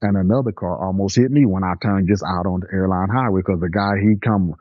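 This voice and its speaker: Low-pitched and steady, this older man talks fairly quickly while recounting his personal story in plain, vivid, vernacular terms. The recording sounds dry and a little muffled.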